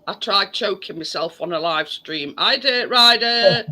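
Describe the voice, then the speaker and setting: A hoarse woman with a Yorkshire accent, hosting a casual live-stream chat over a video call and often stumbling over and repeating her words. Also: mid-range voice, expressive, unhurried, bright, forceful tone, low-quality recording.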